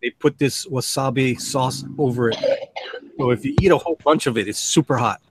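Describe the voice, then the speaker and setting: A man's voice: mid-range voice, fairly quick, noisy background. A man hosting a live drawing stream, chatting casually with call guests and reading chat messages aloud in a laid-back way. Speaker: livestream host and artist.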